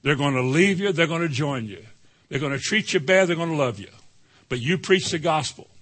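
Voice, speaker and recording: Folksy preacher man, bright voice. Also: brisk. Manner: folksy, animated preaching with sudden high exclamations. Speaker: pastor. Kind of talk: sermon.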